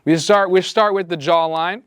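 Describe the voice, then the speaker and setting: A man's voice: high-pitched, fairly even intonation, normal speed, clear, resonant tone, no room sound, studio quality. A man hosting a drawing lesson, talking through each step as he sketches and teasing in a playful, joking way. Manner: joking, talks while drawing, voice jumps up when teasing. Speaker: drawing show host.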